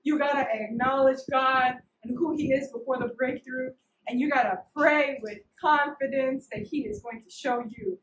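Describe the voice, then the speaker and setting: A young woman giving a casual, humorous sermon, slangy and animated, acting out little scenes. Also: sits high, moderate pace, a little hiss or hum. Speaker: preacher. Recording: echoey room, mic at a distance.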